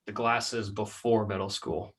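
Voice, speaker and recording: A man's voice: lowish voice, flat delivery, a little slow, breathy edge. A young man, a grown son, making dry, teasing remarks in casual family chat.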